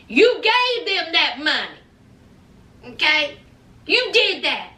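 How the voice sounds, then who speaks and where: A woman's voice: extremely high pitch, big pitch swings, slow, sharp tone. A woman recapping reality TV in a casual, sassy, scolding commentary. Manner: sassy, scolding, talks straight to the people she recaps. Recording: echoey room, distant from the mic.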